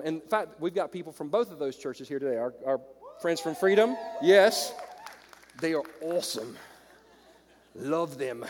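Southern male pastor, fairly high voice, animated sermon delivery, long hall reverb. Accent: American Southern. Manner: energetic, swings from loud exclaims to quiet storytelling.

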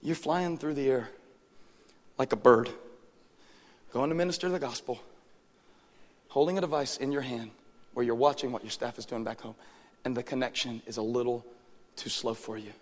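Animated preacher in a big echoing hall. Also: male voice, mid-range voice, moderate pace, pauses often. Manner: animated storytelling, swings from hushed asides to loud exclaims. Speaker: pastor. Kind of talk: sermon. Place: church sanctuary. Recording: reverberant church hall with faint music.

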